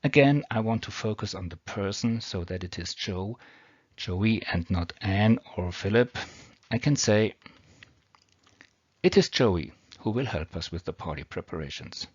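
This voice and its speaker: A man's voice: fairly low pitch, expressive, unhurried, husky, dry recording. A man teaching English grammar with a non-native accent, explaining patiently step by step. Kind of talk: explaining grammar over slides. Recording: dull lo-fi homemade audio.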